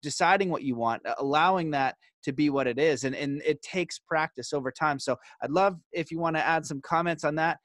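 A man's voice: a little high, a little fast, hardly any pauses, a bit bright, no echo. A man hosting a podcast, talking in an earnest, explanatory way with hesitant restarts. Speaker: podcast host. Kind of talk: casual interview conversation.

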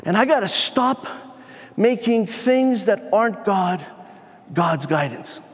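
High-voiced man preaching in a reverberant hall. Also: animated, slow pace. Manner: conversational preaching with repetitions and restarts. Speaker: pastor. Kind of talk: sermon.

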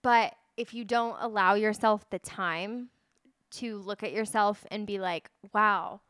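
Woman, podcast co-host, casual chat, smooth voice, reassuring, dry sound. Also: mid-range voice, no room sound. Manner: reassuring, quick affirmations. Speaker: podcast co-host, wedding planner.

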